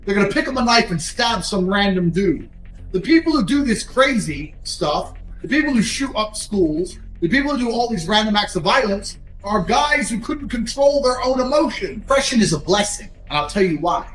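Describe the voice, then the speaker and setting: A man giving a blunt, profane motivational talk in a forceful, lecturing manner. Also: high voice, sing-song, normal speed, reverberant, soft background music, poor audio. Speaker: motivational speaker.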